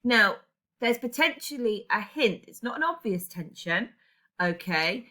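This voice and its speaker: In this recorded grammar class, a female English teacher explains the material one step at a time, dropping in fillers and fixing her own slips. Her voice sits at a medium pitch and sounds pushed and bright, with lively intonation and an unhurried pace.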